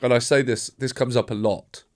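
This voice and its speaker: Man, mid-pitched voice, podcast host, hesitant, rambling questions, frequent restarts. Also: fairly even intonation, moderate pace. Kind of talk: casual interview chat.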